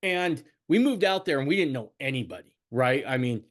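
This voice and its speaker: A middle-aged man hosting a podcast, telling a family story in casual conversation, repeating words and rambling. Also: moderate pace. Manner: rambling, repeats words, animated swings in pitch. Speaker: podcast host.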